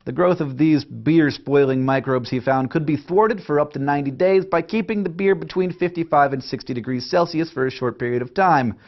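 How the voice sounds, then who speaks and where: A man hosting a science lesson, delivering scripted narration in an energetic, playful, emphatic way. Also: fairly high pitch, a little fast, hardly any pauses, muffled recording. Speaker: science educator host.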